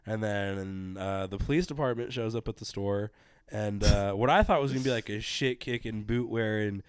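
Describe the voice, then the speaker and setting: A young man telling a crude story in a casual podcast chat, animated and laughing often. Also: fairly low pitch, moderate pace, smooth, dry recording, studio quality. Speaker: podcast co-host.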